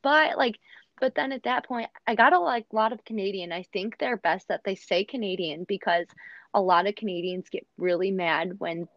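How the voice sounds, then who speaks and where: Her mid-range voice moves at a normal speed with no room sound, captured in a dull, dry lo-fi recording. She's a young American woman and former au pair, a guest who animatedly tells stories in casual conversation full of fillers.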